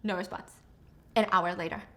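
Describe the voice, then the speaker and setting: A woman commenting in a video, retelling a story in an animated, exasperated way. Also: on the low side, normal speed.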